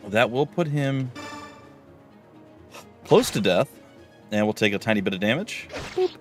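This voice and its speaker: A man's voice: lowish voice, very animated, measured pace, faint music behind. A man streaming a game live, chatting casually and rambling with many fillers as he plays. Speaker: let's play streamer.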